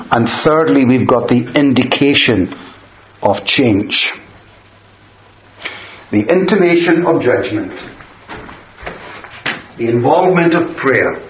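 Slow, measured man preaching a sermon. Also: mid-range voice, a bit bright, slight background noise. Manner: measured, emphatic, slows on quoted verses. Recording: dull lo-fi sound in a roomy space.

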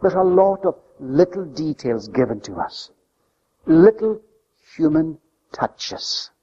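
A man preaching a sermon with an emphatic delivery that swings between loud, high stresses and soft, low drops. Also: big pitch swings, slow pace, slightly rough. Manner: emphatic, rising and falling delivery. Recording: lo-fi recording with long hall reverb.

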